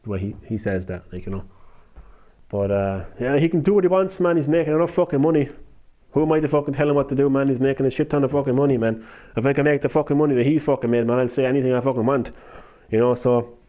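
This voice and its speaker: A man's voice: mid-range voice, fast, phone-quality sound. A young Irish man streaming games, rambling and ranting casually with lots of swearing. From Ireland. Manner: swears freely, rants, laughs. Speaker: gaming live streamer.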